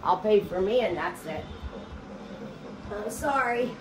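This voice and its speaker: A woman's voice: mid-range voice, animated, slow, noisy background. A middle-aged mother fussing over her dog and chatting with her son at home. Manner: doting, fussing. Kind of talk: casual family chat. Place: family home.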